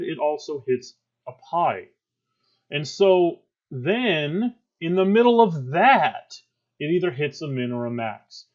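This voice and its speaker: A male math teacher giving a classroom lecture in an animated way, with joking asides and frequent check-ins with his students. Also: medium pitch, muffled recording.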